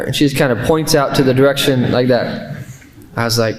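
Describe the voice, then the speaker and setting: A man's voice: medium pitch, fairly even intonation, moderate pace, slight background noise. A man from Kansas City, Missouri, teaching an Islamic class in a loose, conversational way, telling anecdotes with fillers and restarts.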